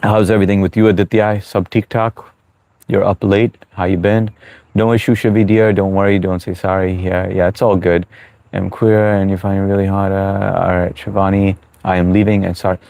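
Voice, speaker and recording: Male streamer, very low voice, dry close sound, laid-back and chatty as he reads chat. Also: level tone, normal speed, creaky, darkish tone, no echo. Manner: laid-back, chatty, greets viewers as bro and man. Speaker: live streamer. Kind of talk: casual live-stream chat reading viewer comments.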